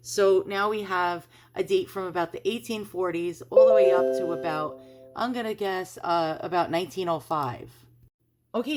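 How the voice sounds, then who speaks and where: Chatty New woman, lowish voice. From New York. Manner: chatty, rambling, repeats herself. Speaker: antiques vlogger. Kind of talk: casual chat to camera. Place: at home.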